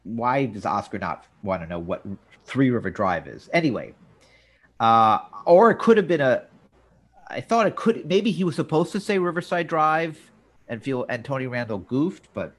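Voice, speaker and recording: Brief: podcast co-host, male, lively animated speech, picky about small details. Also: mid-range voice, moderate pace. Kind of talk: casual discussion of a TV episode.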